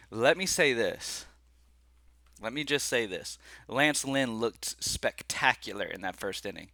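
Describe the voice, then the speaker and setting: A laid-back man chats to his viewers about his betting picks. He rambles and says y'all a lot. His voice sounds bright and forward, recorded dry and close with no room sound. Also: medium pitch, no room sound. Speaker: sports betting picks host. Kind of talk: casual vlog-style talk to camera.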